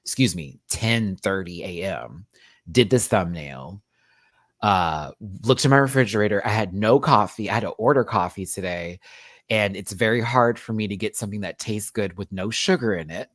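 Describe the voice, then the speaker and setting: Chatty sassy guy on his live stream, calls everyone honey, jumps up high when excited, dry close mic. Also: moderate pace, no echo. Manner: chatty and sassy, calling viewers honey and child; swoops up into high exclamations. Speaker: show review host. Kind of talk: casual live-stream chat.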